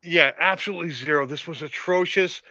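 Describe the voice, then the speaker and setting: A man's voice: fairly high pitch, a little fast, sharp tone, no room sound, highs cut off. A man co-hosting a casual movie podcast, ranting in exasperation with lots of stammered restarts. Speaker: podcast co-host. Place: room at home, late evening.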